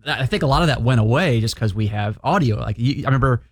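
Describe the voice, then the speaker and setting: Fast-talking radio dude, chatty stories, dry booth sound. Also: male voice, medium pitch, animated, no echo. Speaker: radio co-host. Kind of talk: morning radio banter.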